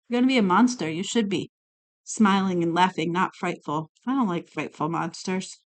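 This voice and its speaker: A woman reading a picture book aloud to a child, slowly and expressively, pausing to point out the pictures. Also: fairly low pitch. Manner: slow, expressive, doing voices and pointing out pictures.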